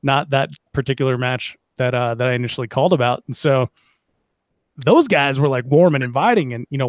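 A man's voice: medium pitch, no echo. Man hosting a podcast, dry sound. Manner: relaxed, stumbling restarts. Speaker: podcast host. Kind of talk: casual podcast conversation.

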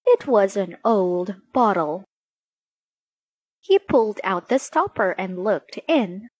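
Woman storybook narrator, very slow and expressive, a bit breathy, dry close recording. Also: mid-range voice, dry recording, rough recording. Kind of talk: children's story reading.

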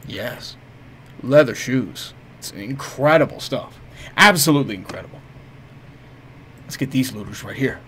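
A man's voice: mid-range voice, animated, unhurried, long pauses, sharp tone, slightly rough. A man live-streaming a game, swearing, joking with viewers and hurling mock-heroic taunts at enemies. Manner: profane, jokey, chats with viewers. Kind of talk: casual live-stream commentary.

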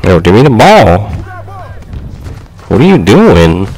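A young man giving casual gameplay commentary, frustrated and slangy, yelling at his teammates. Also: fairly low pitch, sing-song, slow pace, faint music behind, low-quality recording. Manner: frustrated, exclaiming, slangy trash talk. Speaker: gaming YouTuber.

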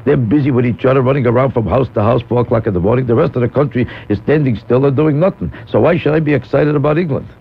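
Man, comedian, rambling comic monologue, gravelly, phone-like radio sound. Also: medium pitch, quick pace, few pauses. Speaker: comedian guest host. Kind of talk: radio talk show storytelling. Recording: tinny phone-like old radio broadcast.

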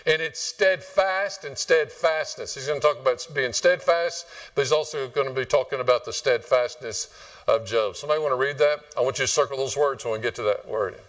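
A man's voice: mid-range voice, a little fast, a bit bright, recorded from a distance. A man preaching a sermon to his congregation in a conversational, joking way. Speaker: pastor. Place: church sanctuary.

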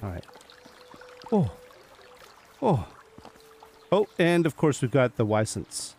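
A man talks through his game in a loose, chatty way, greeting animals as he passes them. His pitch swings around freely from low mutters to high, excited jumps. The talk sounds relaxed and unscripted. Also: slow pace, faint music behind. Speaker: gaming video host. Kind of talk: casual gameplay commentary.

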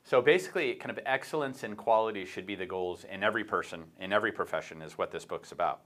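A man's voice: on the low side, fast talker, a bit bright. A man hosting a casual morning talk show, rambling as he retells a book with lots of fillers and restarts. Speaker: show host.

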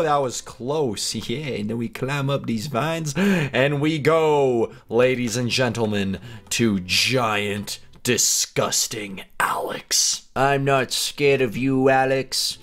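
Young man, gaming host, casual commentary, animated pitch, playful. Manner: playful, chatty, laughs often.

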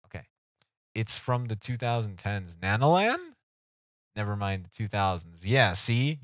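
A man's voice: fairly low pitch, animated, measured pace, dry recording. A young man streaming live, rambling casually and joking with his chat. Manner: rambling, self-mocking, talks to chat. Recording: dull dry home mic audio.

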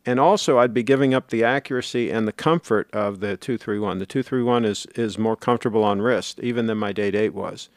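A man's voice: on the low side, fairly quick, hardly any pauses, no echo, studio quality. A middle-aged man hosting a casual livestream, reading viewer comments aloud and rambling on in a chatty, self-correcting way.

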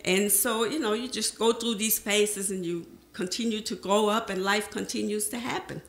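A middle-aged woman recounting her life story before an audience, slipping into the voices of the people in her memories. Her voice has a gravelly edge, and the room around her rings with echo. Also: mid-range voice, normal speed. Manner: lively storyteller who acts out remembered conversations. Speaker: panel speaker sharing her life history. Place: presentation room.

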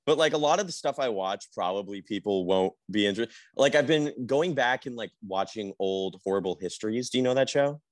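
A young man, an actor guest in a casual interview over a video call, rambling and halting with many fillers. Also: lowish voice, expressive, no room sound.

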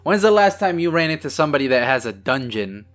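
A man's voice: a little high, sing-song, quick pace. A man hosting a casual movie watch-along, joking sarcastically at the screen and swearing freely. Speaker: host.

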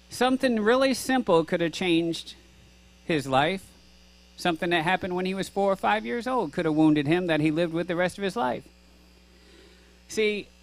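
A middle-aged male pastor giving an earnest, conversational sermon, asking rhetorical questions and acting out both sides of a dialogue. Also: sits high. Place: church sanctuary.

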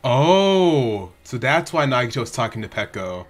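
Excitable rambling man reacting to anime. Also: medium pitch, fast talker. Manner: excitable, rambling, frequent restarts and exclamations. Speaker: reaction channel host. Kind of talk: casual anime reaction commentary. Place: home room.

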